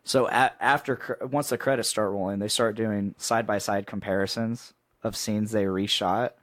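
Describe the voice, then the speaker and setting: A man hosts a podcast in casual conversation, rambling, laughing, and restarting often. His voice is fairly low, fairly bright, and fairly even at a moderate pace, captured in a dry, clean studio recording.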